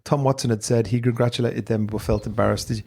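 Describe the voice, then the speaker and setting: Fast-talking gravelly podcast host. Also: male voice, medium pitch. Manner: rambling, animated storyteller. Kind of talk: casual podcast chat.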